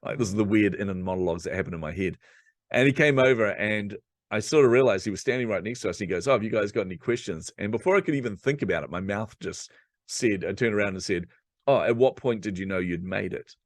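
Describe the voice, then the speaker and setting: A man's voice: on the low side, quick pace, dry recording. A man, a coach and speaker, telling personal stories as a podcast guest and acting out his own inner voice as he goes. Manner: lively storyteller who acts out his own inner voice. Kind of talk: storytelling in a podcast interview.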